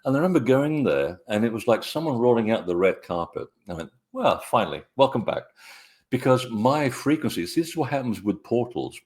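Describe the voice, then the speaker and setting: A middle-aged man, a guest author, telling anecdotes in a relaxed, rambling way with many hesitations. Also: mid-range voice, brisk, hardly any pauses. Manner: rambling, hesitant with frequent fillers. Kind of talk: conversational storytelling interview.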